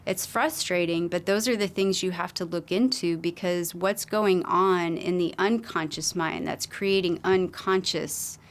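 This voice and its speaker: A holistic wellness coach appears as a guest on a casual podcast, sharing client stories in an earnest, rambling style full of fillers. She speaks a little slowly in a fairly low voice, barely pausing.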